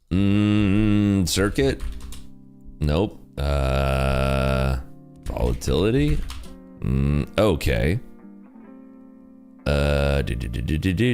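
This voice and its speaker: A man's voice: rumbling low, creaky, darkish tone. A man hosting a day-trading livestream, talking casually and rambling through market chatter with lots of "like" and "you know".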